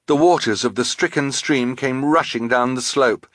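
A man reading a children's novel aloud in a measured storytelling manner. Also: mid-range voice, a bit bright, no room sound, clean studio sound. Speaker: audiobook narrator. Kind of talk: scripted narration.

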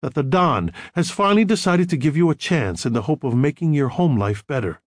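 A man voicing a calm, controlled counselor who gives quiet, measured instructions. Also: a little high, dry recording, studio quality. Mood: firm.

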